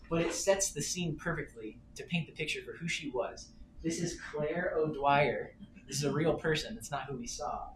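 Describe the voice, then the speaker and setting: A man in his thirties giving a talk at a sales meeting, telling a travel story in an animated, self-amused way. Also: fairly high pitch. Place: meeting room. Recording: roomy, distant, noisy meeting room.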